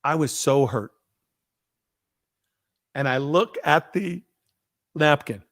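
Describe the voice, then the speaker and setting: Brief: male host, lively storyteller, slightly high voice, dry close mic. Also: slow, dry recording. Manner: animated storyteller, acts out quotes. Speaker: podcast host. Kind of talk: casual storytelling chat.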